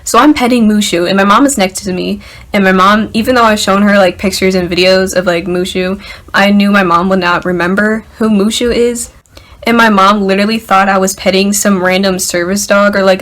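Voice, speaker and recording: Young woman vlogging, excited and chatty, says like and literally a lot, medium voice. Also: medium pitch. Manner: excited, filler-heavy, lots of "like" and "literally". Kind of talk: casual storytelling to camera.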